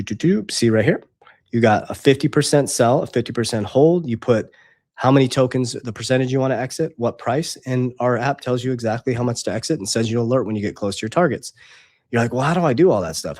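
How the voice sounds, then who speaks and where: Guy giving a money coaching talk, punchy and repetitive, keeps saying okay, mid pitch, dry sound. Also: a little mellow, no room sound. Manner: emphatic, repeats points, adds "okay?". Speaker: finance coach and app co-founder. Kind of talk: casual coaching monologue to camera.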